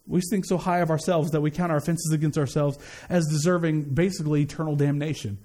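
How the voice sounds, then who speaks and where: Man, high voice, preacher, animated conversational sermon with slangy asides. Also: fast.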